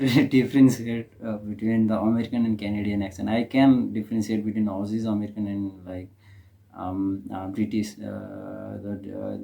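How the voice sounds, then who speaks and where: A man's voice: fairly low pitch, vocal fry, mellow, lo-fi sound. A man with a Nepali accent, hosting a reaction video in casual, hesitant commentary full of fillers and restarts.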